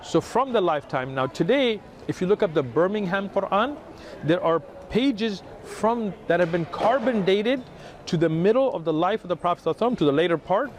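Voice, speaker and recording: A man's voice: high-pitched, expressive, a little fast, slight background noise. A man, earnestly explaining his faith to a passer-by in a street conversation outdoors in a city. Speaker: religious outreach volunteer.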